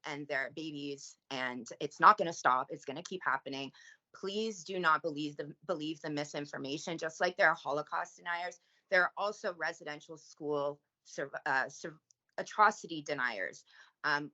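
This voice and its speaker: A Canadian woman with a low, bright, forceful voice speaks earnestly in relaxed conversation, leaning on fillers. The audio is slightly dull and lo-fi. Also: moderate pace. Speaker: podcast guest. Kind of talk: casual chat.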